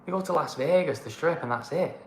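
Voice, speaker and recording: A man's voice: a little high, fairly quick, echoey room, a little hiss or hum. A man with a northern English accent co-hosting a casual livestream chat, blunt and fond of a good moan. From northern England. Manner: blunt, ranting, fond of moaning. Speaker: co-host of a travel channel.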